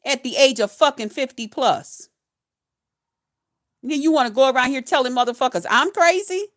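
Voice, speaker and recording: Blunt profane woman in her fifties, high voice. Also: animated, normal speed, fairly bright tone. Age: 50s. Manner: blunt, profane, chanting repeated phrases. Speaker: retired nurse, YouTuber. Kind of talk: profane ranting vlog.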